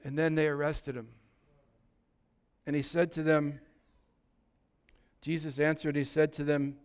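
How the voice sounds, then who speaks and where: A man preaching a Good Friday sermon, retelling the story with animated, humorous asides. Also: a little high, unhurried, long pauses, smooth. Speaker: pastor.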